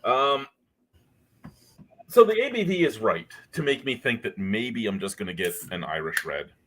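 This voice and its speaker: A man's voice: lowish voice, lively intonation, normal speed, a bit bright, slight background noise. A man in a casual beer chat, ranting with lots of swearing and exasperation. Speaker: guest.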